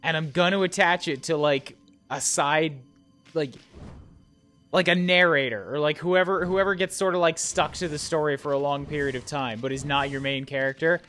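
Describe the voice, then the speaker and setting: A man's voice: on the high side, fairly even intonation, moderate pace, bright, forceful tone, soft background music. A man streaming a video game, chatting playfully, talking to enemies and to his chat. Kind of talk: casual gameplay commentary.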